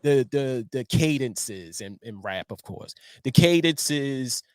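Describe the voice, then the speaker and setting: A man's voice: medium pitch, lively intonation, a little mellow, no echo. A man hosting a podcast, who asks questions and eggs on his guest with laughs and short replies. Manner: slow, encouraging interjections and laughs. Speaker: podcast host. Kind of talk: casual interview chat.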